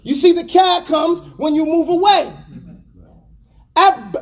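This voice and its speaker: A man teaching a class, animated and stop-start, having students repeat words after him. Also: extremely high pitch, normal speed, over music. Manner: stammers and restarts often. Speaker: teacher of Quran exegesis class. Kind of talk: classroom lesson.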